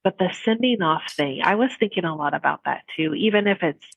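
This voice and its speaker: A middle-aged woman co-hosting a casual podcast chat, telling lively stories and laughing often. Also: fairly low pitch, brisk, gravelly, breathy edge, no echo, highs cut off. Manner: animated storyteller, laughs often. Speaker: podcast co-host.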